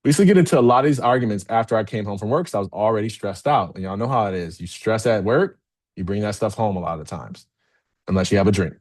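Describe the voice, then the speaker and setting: A man giving a motivational talk as keynote speaker to a live audience, candid and energetic, often checking in with "okay?". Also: on the low side, fast. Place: event room with a live audience.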